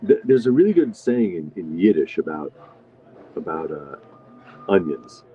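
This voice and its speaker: A man's voice: low-pitched, very animated, measured pace. A middle-aged man hosting a casual live stream from a diner, rambling and answering viewer comments as he eats. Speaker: livestream host. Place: restaurant diner. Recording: dull lo-fi sound with faint music.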